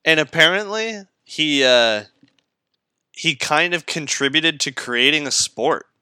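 A young man from Canada co-hosting a podcast, chatting casually, swearing freely and laughing loudly. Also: fairly high pitch, animated, slow pace, smooth, dry recording, clean studio sound. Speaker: podcast co-host. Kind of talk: casual chat.

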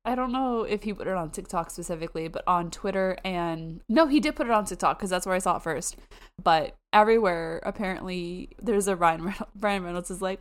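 A young woman from the United States co-hosting a podcast, chatting casually and excitedly with quick asides and frequent laughs. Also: fairly low pitch. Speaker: podcast co-host. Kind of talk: casual chat.

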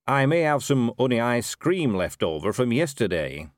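A man's voice: mid-range voice, big pitch swings, normal speed, no echo, studio quality, voice pushed up, close to an everyday voice. A man voicing a careful, knowing male street food vendor in an audiobook. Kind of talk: audiobook character voice.

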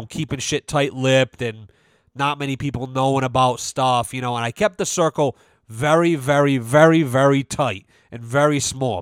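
A man's voice: fairly high pitch, fairly bright tone, clean tone, no echo. A man hosting a podcast, telling a story in a casual, profane, rambling way that often restarts. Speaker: podcast host. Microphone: studio mic.

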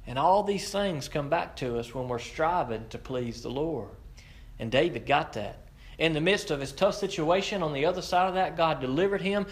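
A man preaching a sermon in an earnest manner, reading scripture and then explaining it, rising in pitch as he presses his point. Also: expressive, normal speed. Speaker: pastor.

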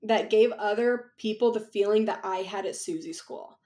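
A woman's voice: medium pitch, fairly even intonation, moderate pace, dark tone. A young woman talking as a podcast guest in a chatty, rambling way, laughing often. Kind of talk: casual conversation.

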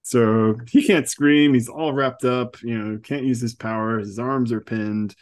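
A man's voice: mid-range voice, fairly even intonation, unhurried. A man hosting a podcast, casually recapping a comic book with fillers and chuckles. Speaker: podcast host.

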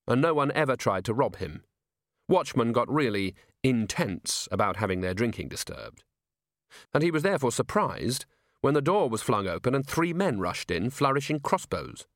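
Lively, wry male audiobook narrator. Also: medium pitch, no room sound, clean studio sound. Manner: wry, expressive storytelling.

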